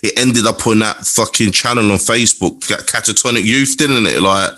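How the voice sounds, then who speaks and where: A man hosting a podcast, asking long, rambling questions in a relaxed way and swearing casually. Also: lowish voice, moderate pace, low-quality recording. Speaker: podcast host. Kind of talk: casual interview.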